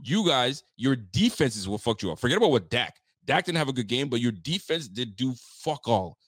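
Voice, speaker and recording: A man's voice: medium pitch, very animated, fairly quick, no echo, clean studio sound. A man hosting a casual sports talk show, teasing and often laughing. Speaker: podcast host.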